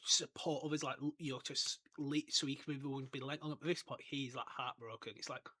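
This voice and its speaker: A man's voice: mid-range voice, steady tone, quick pace, bright, forceful tone. A man hosting a podcast, chatting loosely about a book, rambling and laughing at his own jokes. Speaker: podcast host. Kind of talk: casual book discussion with read-aloud passages.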